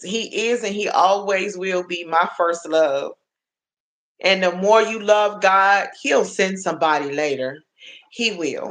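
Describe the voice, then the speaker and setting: A woman's voice: lowish voice, fairly bright tone. A woman in her forties chatting casually on a livestream, motherly and affectionate, laughing often and talking to viewers by name. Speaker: livestream host.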